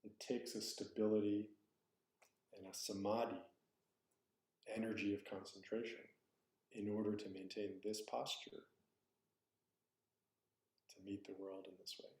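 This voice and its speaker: A man's voice: on the low side, level tone, measured pace, pauses often, darkish tone. A man giving a dharma talk as a Zen teacher, reflective and searching, often correcting himself aloud. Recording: roomy echo.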